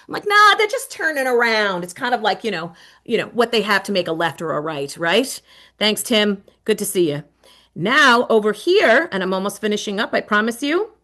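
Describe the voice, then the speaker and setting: A middle-aged woman presenting a teacher webinar, animated, with dramatic whispered asides. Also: a little high.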